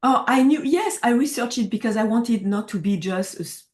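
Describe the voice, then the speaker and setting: A woman's voice: fairly high pitch, expressive, fairly quick, darkish tone. A woman from France speaking English with a French accent, an author guest talking earnestly and thoughtfully in a casual interview.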